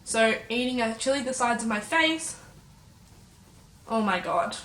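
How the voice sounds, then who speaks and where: High-voiced young woman in spicy pain. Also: lively intonation, unhurried, a bit bright. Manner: panicky, exclaiming, in pain from spice. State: in pain, teary. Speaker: vlogger. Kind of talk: casual vlog chat. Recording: echoey room with faint noise.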